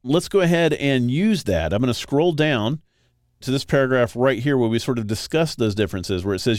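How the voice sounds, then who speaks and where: A man teaching web design in a relaxed, conversational screen-recorded tutorial. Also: mid-range voice, fairly quick, no room sound, studio quality.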